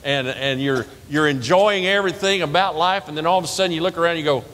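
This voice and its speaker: A man preaching a sermon as pastor, lively and conversational, asking the congregation questions and laughing along with them. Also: fast talker. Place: church sanctuary. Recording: reverberant church hall with faint rumble.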